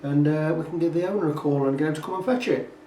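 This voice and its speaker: Talking quickly in a warm, fairly high voice, the same kind of workshop technician rambles through a guitar repair job, padding pauses with "blah blah." There's a little hiss or hum, and the room sounds distant and roomy.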